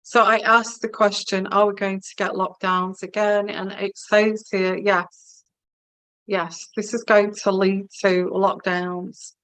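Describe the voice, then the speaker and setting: A woman's voice: medium pitch, level tone, slow pace, a bit bright, dry recording, rough recording. A woman giving a live-streamed tarot reading, musing and hesitant, with many fillers and restarts. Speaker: tarot reader.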